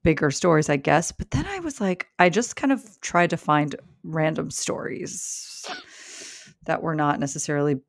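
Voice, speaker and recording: A podcast co-host trades wry jokes and quick comebacks, and sometimes reads news items aloud. The voice sits at an average pitch. The recording is dry and close. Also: animated, creaky, dry recording. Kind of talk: casual chat, reading news items aloud.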